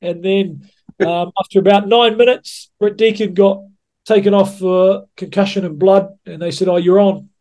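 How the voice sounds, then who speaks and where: High-voiced New man, sweary. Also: steady tone, normal speed, warm tone. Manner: blunt, sweary, says "mate" a lot. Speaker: rugby head coach, podcast guest. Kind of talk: casual anecdote-telling.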